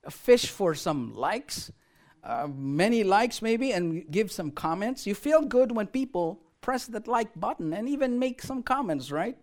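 A preacher giving a lively sermon, often throwing questions out to the listeners. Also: mid-range voice, unhurried. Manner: animated, asks the audience questions.

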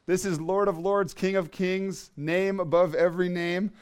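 Pastor, man, fairly high voice, emphatic sermon delivery with repeated key phrases. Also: fairly even intonation, a little slow, clean tone.

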